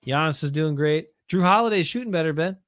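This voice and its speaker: A man co-hosting a casual sports podcast, easygoing and quick to agree, giving short replies. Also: a little high, animated, a bit bright, no echo, clean studio sound. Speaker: podcast co-host. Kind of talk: casual chat.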